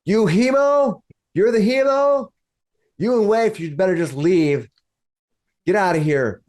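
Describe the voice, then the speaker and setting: A man voicing an unseen male guard who shouts threats through a door at the party. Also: high voice, animated, a little slow, voice pushed up. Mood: menacing. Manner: shouting, menacing.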